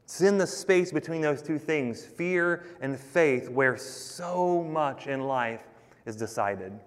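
A man's voice: a little high, lively intonation, slow pace. A man preaching a sermon, conversational and emphatic, talking to the congregation as guys. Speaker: pastor. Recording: long hall reverb.

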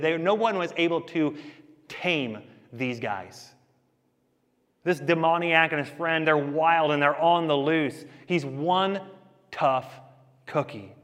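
A man preaching a sermon in a casual, conversational way, telling stories and swinging between loud and quiet. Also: a little high. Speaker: pastor. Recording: long reverb of a large hall.

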